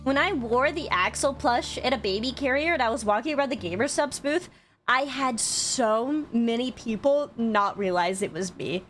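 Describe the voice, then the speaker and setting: A young woman streamer chatting with her viewers about a convention, bubbly and quick to swear, with lots of "like". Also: on the high side, a bit bright, slight background noise. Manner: bubbly storytelling, swears freely, frequent "like". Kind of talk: casual chat to stream viewers.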